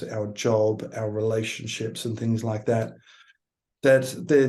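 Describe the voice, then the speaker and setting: A man, a coach speaking as a podcast guest, thoughtful and unhurried as he tells stories. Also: mid-range voice, warm tone. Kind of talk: reflective podcast conversation.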